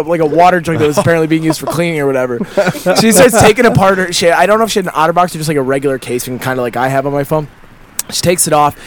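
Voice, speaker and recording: A young man telling a funny story in casual chat, animated and laughing as he acts out the people in it. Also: fairly high pitch. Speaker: podcast co-host.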